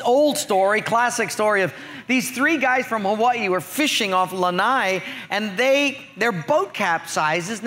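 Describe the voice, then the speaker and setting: A male pastor delivers a sermon with an animated, joking storyteller's manner. His voice sits very high and sounds bright and forceful.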